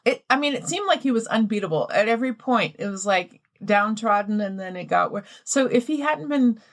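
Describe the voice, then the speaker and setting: A woman's voice: on the high side, lively intonation, a little fast. A woman co-hosting a podcast, reading a prepared history story with asides, then chatting casually. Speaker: podcast co-host.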